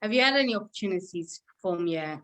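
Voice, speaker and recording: A woman's voice: mid-range voice, expressive, fast, a bit bright. A woman with a British accent interviewing a musician in a chatty, friendly way. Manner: chatty, laughs often. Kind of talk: casual interview.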